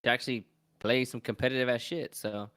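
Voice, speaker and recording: A man's voice: mid-range voice, fairly even intonation, fairly bright tone, clean tone, no echo, clean studio sound. A man co-hosting a fan podcast, chatting casually with lots of slang and swearing. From Southern California. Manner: slangy, swearing, fast talker. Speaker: podcast co-host. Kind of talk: casual chat.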